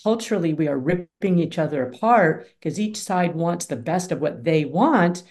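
A woman's voice: lowish voice, animated, normal speed, a little mellow. A middle-aged woman mediator talking in an emphatic, punchy way in a conversational interview, acting out quoted speech. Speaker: mediator and author, guest.

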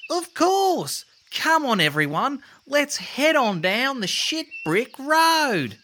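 A woman's voice: sits high, very animated, takes it slowly, a bit bright, exaggerated voice. A woman with an Australian accent voicing a brash, blunt, cheerful young woman with a chirpy, sweary manner.

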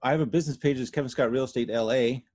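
A man working as a real estate agent, speaking earnestly and a bit haltingly in a casual chat. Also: mid-range voice, darkish tone, no echo, clean studio sound. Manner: earnest, hesitant, many fillers. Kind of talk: casual conversation.

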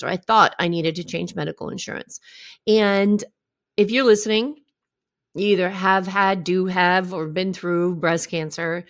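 Candid woman host, lowish voice. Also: dry recording, studio quality. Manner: candid, conversational, often asks "right?". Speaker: podcast host. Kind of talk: personal storytelling monologue.

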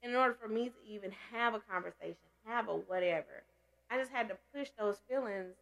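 A woman's voice: medium pitch, fast, vocal fry, muffled recording. A woman candidly telling a personal story in casual chat, emotional and laughing through tears. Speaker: podcast guest sharing survival story.

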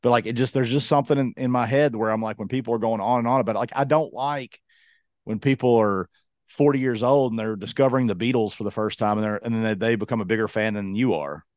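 A man's voice: medium pitch, steady tone, fast, darkish tone, no room sound. Rambling chatty man, dry sound. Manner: rambling, self-deprecating, acts out quotes in a raised voice. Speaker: podcast co-host. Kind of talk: casual chat.

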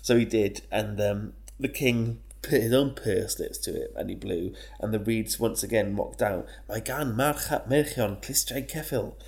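Man, podcast co-host, casual sweary storytelling, lowish voice, laughs a lot. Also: a little slow, creaky, hardly any pauses. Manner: swearing, laughing, slangy, bursts into shouted character voices. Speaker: podcast co-host retelling a legend.

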